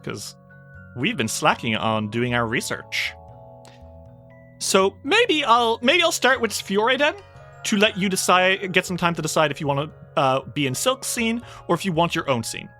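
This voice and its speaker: A game master narrating a tabletop game in a relaxed, meandering way with many fillers. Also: mid-range voice, moderate pace, soft background music.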